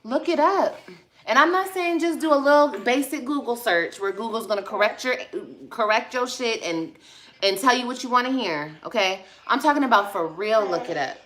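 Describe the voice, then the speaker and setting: A woman's voice: on the high side, lively intonation, moderate pace, fairly bright tone. A woman vlogger chatting casually on a livestream, blunt, sassy and profane as she scolds viewers. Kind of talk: casual livestream chat replying to comments.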